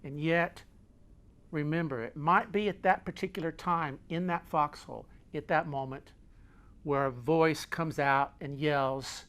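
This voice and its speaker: A man's voice: fairly high pitch, measured pace. Middle-aged male host, folksy motivational speaker, hammers his points home by repetition. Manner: emphatic, repeats key phrases, swings loud and quiet; folksy, talks with his hands. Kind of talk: motivational talk.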